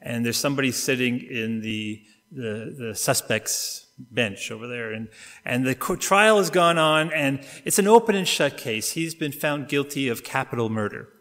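A man's voice: medium pitch, expressive, moderate pace. Man preaching in an echoey church. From Canada. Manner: storytelling with acted-out quotes, wide swings in loudness and pace. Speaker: pastor. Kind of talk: sermon. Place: church sanctuary. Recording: long reverb of a church hall.

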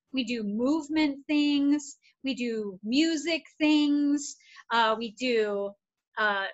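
A woman's voice: sits high, fairly bright tone, dull audio. A woman therapist giving a casual, upbeat wellness workshop, encouraging and repetitive. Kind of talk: casual instructional talk.

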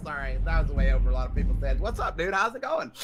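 A man streaming a shooter game, talking to chat and teammates, swearing and bursting into shouts. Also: fairly high pitch, sing-song, fast talker. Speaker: gaming streamer. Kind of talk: live gameplay commentary. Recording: game music under the voice.

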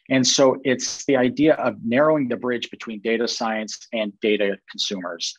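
A man presenting a technical webinar, explaining ideas at length with quick restarts and small asides. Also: medium pitch, husky, no room sound, highs cut off. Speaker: company tech chief presenting a webinar.

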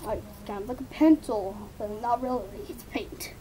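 A woman's voice: fairly high pitch, moderate pace, dark tone, a little hiss or hum, poor audio. A woman vlogger chatting casually to viewers while painting, rambling through asides and self-talk.

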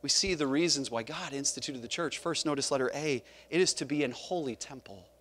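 A man with a Southern US accent preaching a sermon as pastor, asking the congregation questions and calling on members by name, rising to loud calls and dropping low. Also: fairly quick, a little hiss or hum. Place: church sanctuary.

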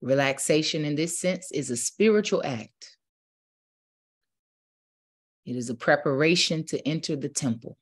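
Low-voiced woman preaching and guiding meditation. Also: slightly rough. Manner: preaching with rising fervor, then slow calm guidance. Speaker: spiritual teacher. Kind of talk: sermon then guided meditation.

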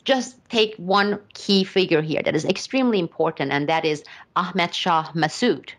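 A middle-aged woman giving commentary as a podcast guest, speaking deliberately and emphatically with frequent pauses. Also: on the low side. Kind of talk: casual podcast discussion.

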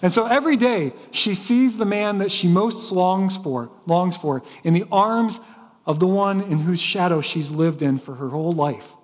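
A man's voice: high-pitched, moderate pace, big-room sound. A man preaching a sermon as pastor, telling stories with frequent restarts. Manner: storytelling preacher with repeated restarts. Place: church sanctuary.

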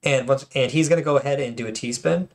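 A man's voice: mid-range voice, quick pace. A man casually commenting on game replays, often stuttering and restarting his words, with apologetic asides. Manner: self-conscious, apologetic asides.

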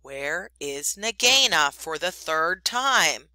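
A woman voicing a brave young male mongoose who talks in a sharp, urgent, scolding way in a storybook reading. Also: sits low, expressive, slow, dry recording, heavily acted, poor audio.

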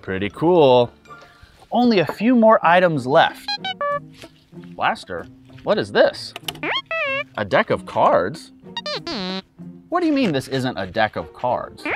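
A young woman hosts a kids' educational show in a low voice that swoops up into excited squeals. She talks slowly and clearly to little children, with background music underneath. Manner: excited exclamations, slow and clear for kids.

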